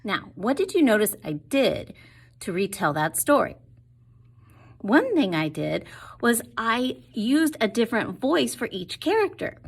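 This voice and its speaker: A woman's voice: mid-range voice, husky. A woman teaching a lesson for children in an upbeat, encouraging way.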